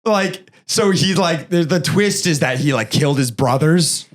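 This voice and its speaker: Animated ranting Philly comedian man. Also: fairly high pitch, unhurried. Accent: Philadelphia. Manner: animated ranting, profane, laughing often. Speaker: comedian guest. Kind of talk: casual comedy podcast chat.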